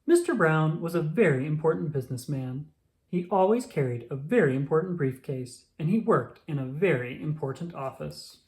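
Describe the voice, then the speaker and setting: Woman reading a picture book out loud, low voice that swoops around a lot, unhurried. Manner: expressive, slow and deliberate. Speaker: children's book reader. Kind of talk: storybook read-aloud.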